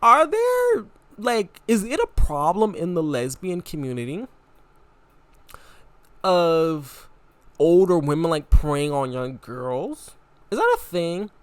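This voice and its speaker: Animated young man with a lively high voice. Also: takes it slowly, pauses often, dry recording. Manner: animated, repetitive, laughing often. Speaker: podcast host. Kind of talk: casual opinion monologue.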